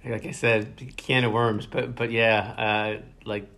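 A man with a gravelly, creaky voice works as an interviewer. He asks his questions hesitantly and stumbles over his opening words. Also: fairly low pitch, little pitch movement, takes it slowly, fairly bright tone.

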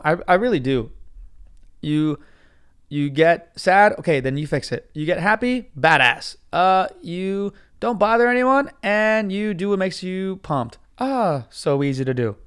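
A young man hosting a podcast, telling a profane, animated story in a ranting casual monologue. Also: on the high side. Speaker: podcast host.

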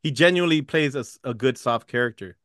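A man co-hosting a casual movie podcast, animated and laughing as he retells scenes. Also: medium pitch, fast talker, no room sound, studio quality. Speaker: podcast co-host.

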